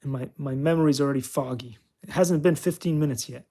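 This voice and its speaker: A man's voice: on the high side, fairly quick, warm tone. A man giving casual, self-mocking commentary while he plays a flight simulator game. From California. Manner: chatty, self-mocking, talks to himself while playing. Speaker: channel host.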